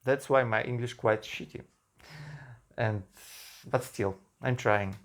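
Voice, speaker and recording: A man from Russia with a Russian accent, a native Russian speaker talking in English in a casual vlog, pausing and restarting often with simple grammar. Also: mid-range voice. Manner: halting speech with frequent restarts and simple grammar. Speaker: vlogger.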